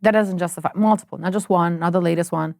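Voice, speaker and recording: A woman music executive as a podcast guest, telling animated stories in a casual chat with quick restarts. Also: on the low side, vocal fry, dry recording, studio quality.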